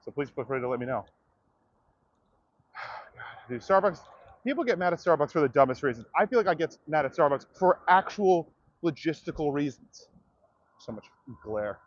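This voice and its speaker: A man's voice: on the high side, sing-song, normal speed, long pauses, dry recording, lo-fi sound. A man livestreaming outdoors, ranting to his viewers in a profane, direct way. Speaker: comedian livestreamer. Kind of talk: livestream rant to chat.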